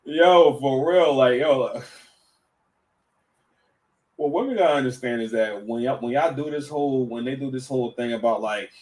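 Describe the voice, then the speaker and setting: A man's voice: medium pitch, moderate pace, pauses often, recorded from a distance, low-quality recording. A man giving casual reaction commentary, stammering and restarting, full of slang. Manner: stammering, slang-heavy, animated.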